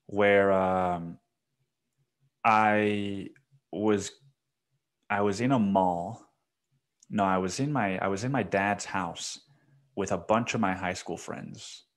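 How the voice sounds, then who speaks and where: A man's voice: sits low, fairly even intonation, takes it slowly, pauses often. A young man hosting a solo podcast, rambling casually and with a lot of swearing, saying "dude" constantly. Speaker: podcast host.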